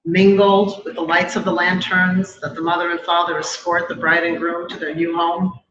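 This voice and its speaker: A middle-aged woman giving a personal testimony at a memorial event, measured and emotional, with pauses. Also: on the low side, level tone, a crowd in the background. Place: live event hall. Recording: echoey hall, dull sound, noisy.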